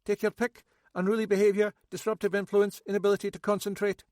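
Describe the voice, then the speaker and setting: A man voicing an odd, blunt Scottish man with a sharp memory, talking raised and insistent as he rattles off details. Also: sits high, level tone, quick pace, dry recording, studio quality, voice pushed up, lightly acted.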